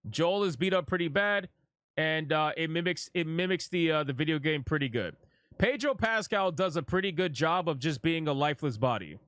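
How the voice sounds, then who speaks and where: Guy ranting about a tv episode, kinda high voice, cussing a lot, dry close mic. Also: lively intonation, normal speed, a bit bright, dry recording. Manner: blunt, profane, mocking, rambling with restarts. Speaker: gaming commentator. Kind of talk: casual reaction commentary.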